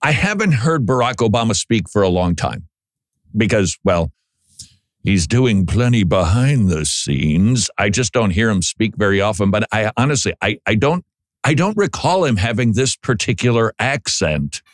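A man's voice: fairly low pitch, expressive, normal speed, dry recording, studio quality. A male commentator reacting to played speech clips in a sardonic, conversational way, often restarting his sentences. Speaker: political commentator.

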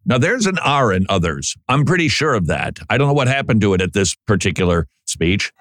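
A man with a lowish voice comments on speech clips in a sardonic, chatty way. He often restarts his sentences. The sound is dry and close. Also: very animated, brisk, fairly bright tone, no room sound. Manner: sardonic, conversational, with repeated restarts. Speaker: political commentator.

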